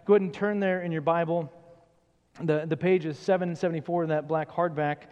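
Pastor guy preaching, kinda high voice, lots of hall echo, earnest and keeps asking questions. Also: fairly even intonation, fairly quick, a little mellow, smooth, muffled recording. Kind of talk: sermon.

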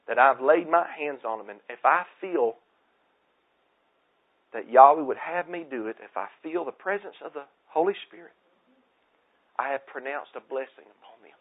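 A man in midlife delivers a sermon with passionate, climbing intensity. His voice sits slightly high for a man. The sound is thin and tinny, as if over a phone line. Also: expressive, normal speed, pauses often. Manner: preaching with rising, impassioned intensity. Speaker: pastor.

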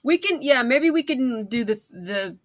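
Slow-talking woman player. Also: a little high, animated, no room sound. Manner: hesitant, thinking aloud. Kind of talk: casual tabletop play.

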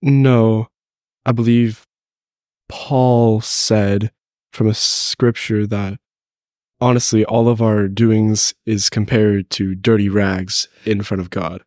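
A man's voice: fairly low pitch, level tone, slow pace, a little mellow, no echo, clean studio sound. Congested teenage boy, thoughtful. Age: teens. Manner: thoughtful, hesitant. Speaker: guest, host's son. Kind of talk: casual faith podcast conversation.

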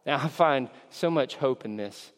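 Slow-preaching man in a reverberant hall. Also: medium pitch. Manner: acts out disciples' lines in raised, excited voice; earnest, measured preaching with emphatic stresses. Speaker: pastor. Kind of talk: sermon.

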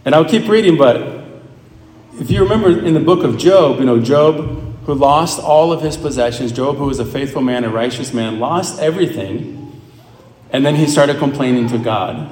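A man's voice: medium pitch, moderate pace, a little mellow. A man, a Catholic priest, giving a conversational homily with asides and self-corrections. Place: church. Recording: echoey church with long reverb.

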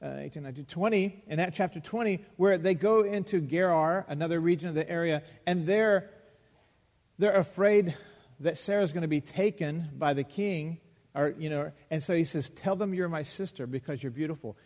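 A man's voice: a little high, darkish tone. Preaching man in a reverberant hall. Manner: preaching with acted-out Bible dialogue, pauses for emphasis. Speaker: pastor. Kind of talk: sermon.

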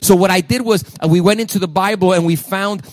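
A man preaching a sermon as pastor, emphatic, swinging between loud declarations and hushed asides. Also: sits high, fast talker, no echo, clean studio sound. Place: church sanctuary.

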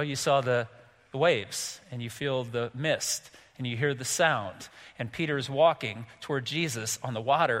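A middle-aged man pastor preaching a sermon, animated, acting out quotes with sudden swings from soft to loud. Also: medium pitch, in a large hall. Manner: animated, acts out quotes with big swings in loudness.

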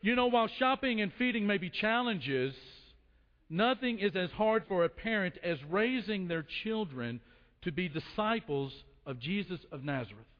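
A man's voice: high-pitched, lively intonation, moderate pace. A man preaching a sermon as pastor. He speaks earnestly and repeats words as he starts his phrases. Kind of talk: sermon with prayer and anecdotes. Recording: echoey hall, dull lo-fi sound.

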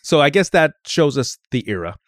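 A man co-hosting a podcast in casual chat, agreeable and quick to affirm. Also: on the high side, big pitch swings. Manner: agreeable, affirming, laughs easily. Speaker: podcast co-host.

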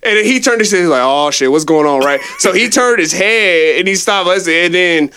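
A man's voice: sits high, normal speed, pushed and bright, slight background noise. A man co-hosting a podcast, telling a bar story in a casual, profane way with laughter. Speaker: podcast co-host.

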